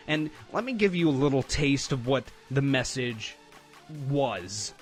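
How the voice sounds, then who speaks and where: A man's voice: medium pitch, a little slow, soft background music. A young man from Canada telling a story to his viewers, rambling with lots of fillers and frequent laughter. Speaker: storytime vlogger. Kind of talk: casual storytelling.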